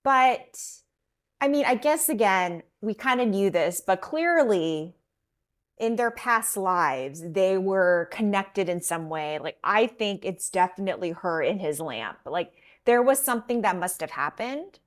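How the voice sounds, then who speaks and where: Woman co-host, relaxed podcast recap, lively storyteller who acts out the quotes. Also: medium pitch, measured pace. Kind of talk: casual recap chat.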